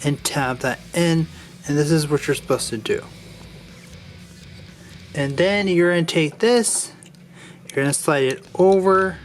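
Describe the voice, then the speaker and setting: A man's voice: fairly high pitch, measured pace, pauses often, soft background music. A man casually walking through a Lego build step by step, drifting off into a rambling personal story and restarting his sentences as he goes.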